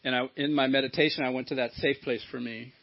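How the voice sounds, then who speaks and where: A man's voice: medium pitch, fairly even intonation, fast talker, vocal fry, no echo. A middle-aged man giving a candid personal share at a recovery meeting, swearing casually as he tells his story. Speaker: recovery speaker. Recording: dull lo-fi talk recording.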